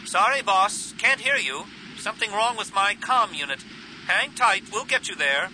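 A man's voice: high-pitched, lively intonation, moderate pace, pushed and bright, a little hiss or hum, voice pushed up, heavily acted, rough recording. A man doing a breezy, stubborn female wingman. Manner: breezy and stubborn under fire.

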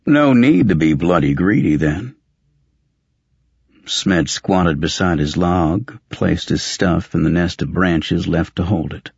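Male audiobook narrator: deep, husky, slow and steady; dry, slightly dull recording. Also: no echo. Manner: steady, measured storytelling. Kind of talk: scripted fiction narration.

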